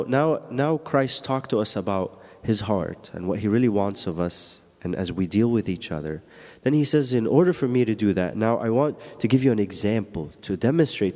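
A man teaching a Bible study in a church. He preaches in an animated way, swinging from loud, emphatic lines to low, quiet asides, and laughs often. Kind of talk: sermon. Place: church hall. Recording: long church hall reverb.

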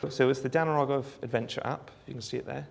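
A Welsh man giving a live demonstration of a phone app, explaining in a relaxed way with frequent ums. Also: medium pitch, fast, vocal fry. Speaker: app developer giving a presentation. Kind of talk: live product demo talk.

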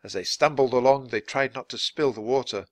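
A man's voice: medium pitch, fairly quick, dry recording. A man reading a children's chapter book aloud at natural speed for language learners, with dramatic expression. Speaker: narrator.

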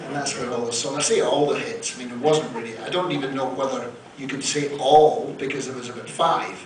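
A man's voice: mid-range voice, steady tone, a little fast, heavy background noise. A man telling profane, self-mocking stories between songs at a live concert, laughing at his own jokes. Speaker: singer-songwriter performing live. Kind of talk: onstage storytelling banter. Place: theater stage, live concert. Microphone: stage mic. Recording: echoey theater, distant mic, loud crowd.

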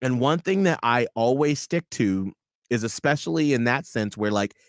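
A man co-hosting a radio show, telling stories in animated casual chat and swearing freely. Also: medium pitch, normal speed, dry recording, studio quality. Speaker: radio co-host.

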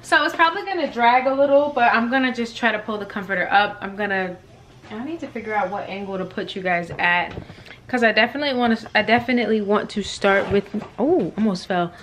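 A woman's voice: medium pitch, fairly quick, fairly bright tone, a little hiss or hum. A woman in her twenties chatting casually in a vlog from her bedroom, rambling with lots of ums and likes. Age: 20s. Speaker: vlogger. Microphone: compact camera in front of her.

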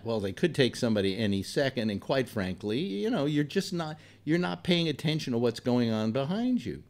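A man's voice: medium pitch, big pitch swings, fairly quick, hardly any pauses, darkish tone. An older man hosting a talk show, telling a rambling personal story in a blunt, profane, exasperated way. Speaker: radio talk host.

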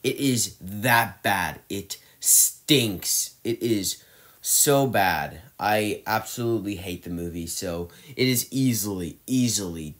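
A man with a somewhat low voice talks through his movie rankings off the cuff. He rants with exasperation, trips over his words and restarts his sentences as he goes. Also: takes it slowly, a bit bright. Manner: ranting and exasperated, with frequent restarts and fillers. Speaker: movie reviewer. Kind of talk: opinionated movie ranking monologue.

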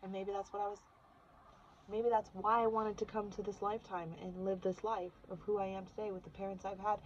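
A woman, a mother, telling a long personal story in a casual vlog and acting out the voices she quotes, swinging from hushed to loud. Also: mid-range voice, brisk, dull audio, slight background noise. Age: adult with children. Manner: animated, acts out quotes with big swings in loudness. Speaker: vlogger recounting a retreat.

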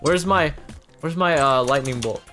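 A man hosting a gaming channel, giving excitable gameplay commentary straight to his viewers. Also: fairly high pitch, measured pace, faint music behind.

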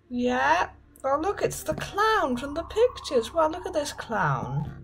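A high, lively woman's voice, slow and unhurried, playing a horror game with sing-song mock-cheer. Clear game music plays beneath her commentary. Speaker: gaming YouTuber.

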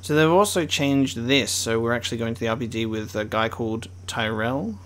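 A man's voice: medium pitch, a little fast, a bit bright, a little hiss or hum. A man casually commenting on a game he is playing, chatty and swearing often. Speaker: gaming streamer. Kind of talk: casual let's-play commentary.

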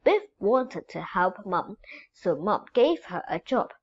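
A woman reading a children's storybook aloud in a slow, expressive way. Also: medium pitch, husky, dull audio. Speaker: storybook reader.

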